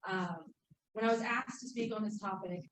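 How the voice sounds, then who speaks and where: A woman's voice: medium pitch, fairly even intonation, moderate pace, a bit bright. Friendly woman from Florida, echoey room. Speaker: workshop speaker. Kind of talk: personal recovery share. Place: convention meeting room. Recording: echoey room, faint noise.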